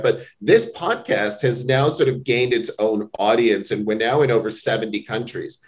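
A man hosts a podcast interview with a middling pitch. He asks his questions in a friendly, joking way, slipping in quick asides. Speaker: podcast host.

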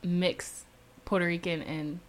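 A woman's voice: lowish voice, slow. A woman guest on a podcast, chatting casually and acting out quotes as she tells stories. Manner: animated storyteller, acts out quotes. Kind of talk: casual chat.

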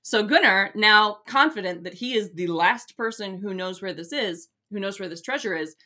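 A woman hosts and retells an old legend in loose, casual talk. She is animated and freely profane, and her voice is bright and forceful. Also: medium pitch, moderate pace. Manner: animated, profane, laughs often. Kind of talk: casual storytelling.

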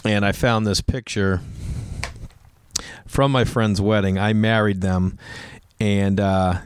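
A man, a comedian chatting casually to the camera, his voice hoarse after losing it, rambling and joking at his own expense. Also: on the low side, fairly even intonation, slow pace, no echo. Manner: rambling, self-mocking, jokey. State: hoarse, voice partly lost. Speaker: comedian vlogger.

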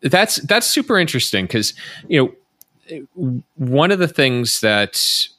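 A man's voice: mid-range voice, sing-song, slow pace, bright, forceful tone, dry recording, studio quality. A man hosting a political podcast, talking earnestly and often repeating words as he thinks aloud. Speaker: podcast host. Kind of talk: podcast interview and ad read.

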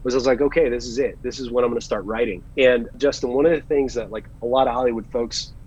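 A man talks through his acting career in a relaxed interview, animated and earnest as he tells his stories. His voice is husky. The recording sounds dull and lo-fi. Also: medium pitch, fast. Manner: animated storyteller, chatty and earnest. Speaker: guest actor. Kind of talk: casual interview chat.

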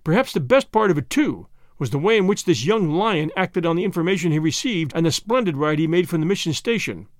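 A man voicing a respected frontier leader of high character who speaks emphatically and with praise in a storybook reading. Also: lively intonation, a little fast, hardly any pauses, no echo, clean studio sound, lightly acted. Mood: praising. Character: hearty older frontier leader, warm and admiring.

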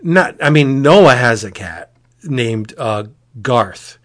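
A man chatting casually as a podcast host, retelling a comic in a rambling, animated way. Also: mid-range voice, slow pace. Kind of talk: casual chat.

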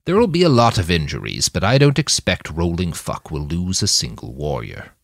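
A man's voice: deep voice, very animated, normal speed, gravelly, exaggerated voice. A man playing a grim, grumbling old man who warns of danger. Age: over 60 (figure).

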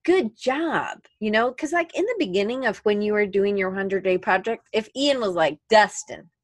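A woman co-hosting a relaxed podcast, talking in a loose, rambling way and often doubling back to fix what she said. Her voice is mid-pitched and recorded dry and close, with no room sound around it. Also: fairly quick, no room sound. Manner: rambling, self-correcting, chatty. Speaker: podcast co-host. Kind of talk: casual chat.

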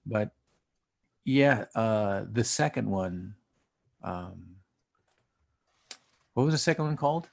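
A man co-hosting a podcast in casual chat, rambling and animated. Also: fairly low pitch, slow pace, creaky, pauses often. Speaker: podcast co-host.

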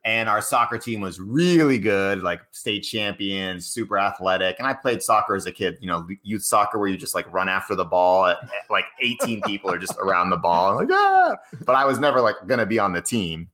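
A man in his thirties from Cambridge, Massachusetts, a guest telling stories in casual talk, animated and laughing often. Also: on the low side, fairly quick, hardly any pauses. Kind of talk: casual storytelling.

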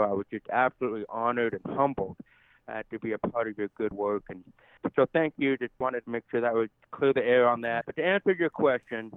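An American man with a deaf accent appears as a podcast guest, chatting casually in an interview. His fairly low voice is smooth, heard over a tinny, phone-like, dry line, and he comes across as earnest, effusive and grateful.

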